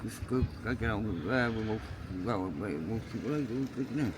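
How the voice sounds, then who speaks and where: A soft-spoken man answering questions in a halting way, chatting casually outdoors as a local resident. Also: lowish voice, animated, background noise. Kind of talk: casual chat.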